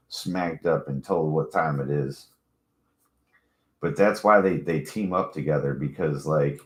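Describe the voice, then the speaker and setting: Low-voiced man on a profane rant. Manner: rambling, profane and mocking. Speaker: vlogger.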